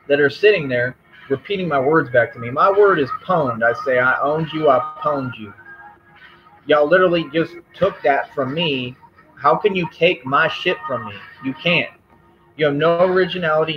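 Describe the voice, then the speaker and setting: A man streamer launches into an angry rant, taunting and swearing at his critics. His voice sits a little high, and the lo-fi stream audio sounds dull, with faint music underneath. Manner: aggressive, taunting and profane.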